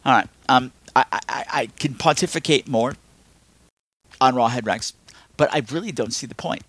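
A man's voice: moderate pace, no room sound. A man hosting a casual film review podcast, rambling, sarcastic and exasperated. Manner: animated, with lots of pitch swings. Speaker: podcast host.

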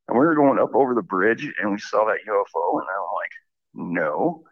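A man's voice: lowish voice, moderate pace, no echo. A man calling in by phone and rambling through a personal story, acting out what everyone said with lots of "I'm like.". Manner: rambling, animated retelling with many "I'm like" quotes. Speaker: caller. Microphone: phone line. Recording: dull phone line.

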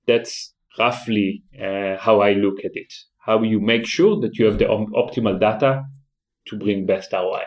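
Low-voiced man explaining, halting. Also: steady tone. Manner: halting, repeats words, explanatory. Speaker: guest, AI company founder. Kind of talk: technical interview talk.

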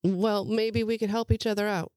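A woman's voice: medium pitch, steady tone, moderate pace, darkish tone, no echo, clean studio sound. Hesitant woman playing a tabletop character. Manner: hesitant, bargaining. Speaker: player. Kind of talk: in-character role-play.

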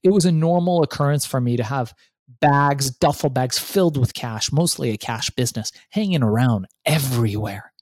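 A middle-aged man telling a lively story as an interview guest, acting out his own thoughts and swearing freely. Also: medium pitch, normal speed, dry recording. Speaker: guest entrepreneur. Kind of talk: animated storytelling in conversation.

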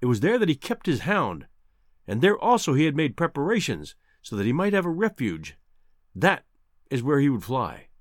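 A man's voice: mid-range voice, wildly swooping pitch, moderate pace, dry recording, studio quality. A man reading aloud and voicing a distraught, fierce young married woman with an emotional, pleading manner. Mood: earnest. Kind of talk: audiobook character voice.

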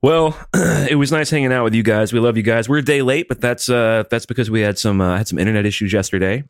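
A middle-aged man co-hosting a podcast, chatting casually in rambling, profane, animated stories. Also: mid-range voice, fast, dry recording, clean studio sound. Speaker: podcast co-host. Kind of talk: casual chat.

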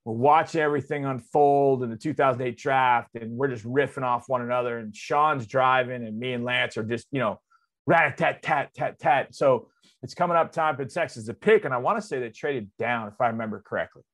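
A man in his forties, a sports radio host, telling a story on air in a loose, excitable, conversational way. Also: brisk. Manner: animated, excitable storyteller with big swings in loudness and pitch; conversational, drops into loose asides.

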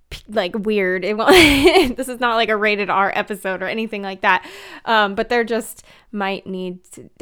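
A woman's voice: medium pitch, fairly bright tone, clear, resonant tone. A young woman hosting a podcast, talking casually and chattily with fillers and giggles, a bit out of breath. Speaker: podcast host. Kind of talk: casual solo podcast talk.

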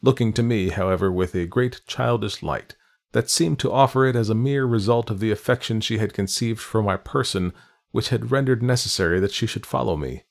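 With a low voice touched by vocal fry, a male audiobook narrator reads from a classic novel. His delivery is measured and literary, and he takes care with the pacing of its long, winding sentences.

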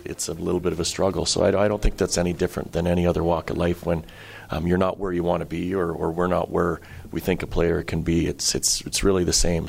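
A man, a head coach, giving pregame media remarks in a measured, explaining way. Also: low voice, vocal fry.

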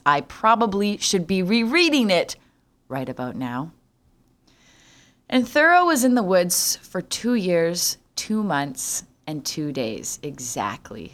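A woman's voice: lowish voice, a bit bright. A young adult woman from Canada hosting a solo podcast, talking in a sarcastic, jokey way and swearing freely. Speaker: podcast host.

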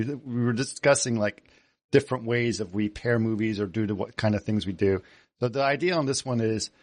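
A man's voice: medium pitch, no room sound. A man hosting a movie review podcast, speaking casually and hesitantly with many uhs. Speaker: podcast host.

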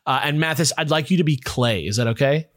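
Male podcast host, higher-pitched voice, dry close sound, animated storyteller. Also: fast, dry recording. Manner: animated, acts out quotes.

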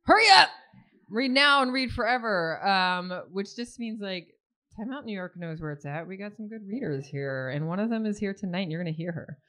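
A woman's voice: lowish voice, fairly quick. A woman hosting a live reading series, introducing the night's author with playful asides. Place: live reading event indoors.

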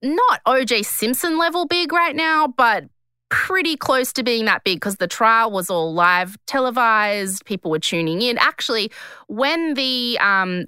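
A woman's voice: medium pitch, normal speed, sharp tone, clear, resonant tone, no room sound, studio quality. An Australian woman in her thirties hosting a podcast, telling a true-crime story in a chatty, rambling way with lots of filler words. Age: 30s. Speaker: podcast host. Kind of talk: casual storytelling chat.

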